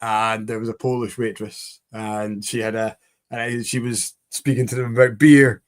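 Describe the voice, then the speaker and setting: A man's voice: mid-range voice, flat delivery, moderate pace. A man hosting a casual chat show, talking in a loose, rambling way with many fillers and restarts. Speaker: podcast host.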